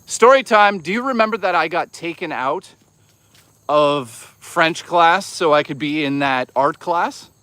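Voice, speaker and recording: A man's voice: on the high side, measured pace, sharp tone, dry recording. A man hosting a casual livestream outdoors on a hike, rambling and swearing as he chats with viewers. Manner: rambling, profane, chatty with viewers. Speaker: livestream host.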